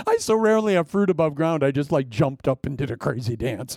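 A man's voice: on the high side, brisk, darkish tone, no room sound, clean studio sound. A middle-aged man preaching a sermon as pastor, conversational and joking, with laughing asides.

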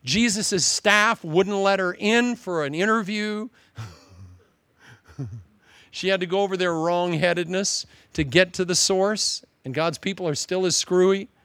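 High-voiced animated male preacher. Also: a little slow, smooth, no room sound. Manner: animated storytelling with joking asides; addresses listeners as "loved one". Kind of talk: sermon.

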